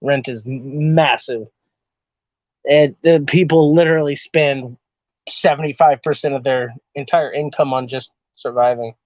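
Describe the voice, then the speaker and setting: A man's voice: medium pitch, fairly even intonation, unhurried, darkish tone, no room sound, dull audio. A man from Texas chatting casually on a live stream, answering his chat in a loose, rambling way, swearing a lot and laughing often.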